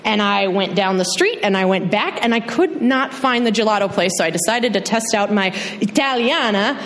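A young woman telling a personal story to an audience, animated and self-mocking, acting out the dialogue. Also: medium pitch, moderate pace, long reverb tail.

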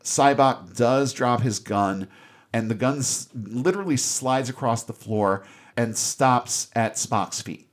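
A man giving a casual, animated movie recap as a podcast host, with free swearing. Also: mid-range voice, takes it slowly. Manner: animated storyteller, swears freely.

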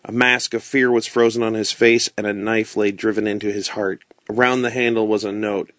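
Calm man reading a bedtime story. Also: fairly low pitch, fairly quick, no echo.

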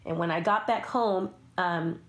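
A woman's voice: lowish voice, unhurried, a bit bright. An older woman, a puppeteer and sculptor, telling stories from her career in a casual interview, acting out the voices of the people she quotes.

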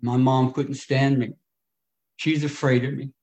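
A middle-aged man sharing his recovery story at a meeting, emotional, swinging between loud and hushed moments. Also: medium pitch, flat delivery, a little slow. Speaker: recovery speaker. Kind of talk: AA share storytelling.

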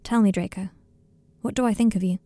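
A woman reading the part of a caring young man who speaks softly and reassuringly. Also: mid-range voice, fairly even intonation, a little fast, dry recording, lightly acted. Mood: tender. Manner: soft, reassuring.

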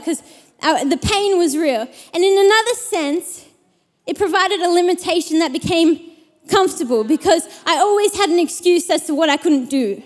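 High-voiced young woman preaching in a reverberant hall. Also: moderate pace. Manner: lively storytelling with many fillers. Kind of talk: sermon.

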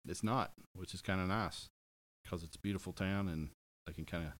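Speaking fairly quickly with fairly even intonation, a middle-aged man with a low-sitting voice rambles through a casual podcast chat. He keeps joking and correcting himself.

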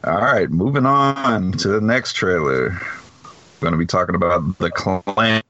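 A man's voice: low voice, expressive, unhurried, sharp tone, no room sound, dull audio. A man hosting a podcast, reading film news in short bursts and chatting casually. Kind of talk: casual chat.

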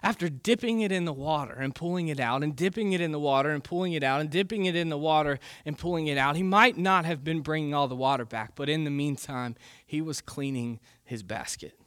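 A man preaches in a loose, chatty way that is full of casual fillers. His voice is bright and a little high for a man. The recording is dry and close. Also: brisk, no room sound. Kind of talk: conversational sermon.

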